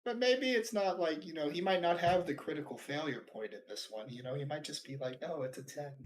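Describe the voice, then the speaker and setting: A man's voice: fairly high pitch, brisk, slight background noise. Man giving grand in-character speeches. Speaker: player. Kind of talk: playing a tabletop game, speaking in character.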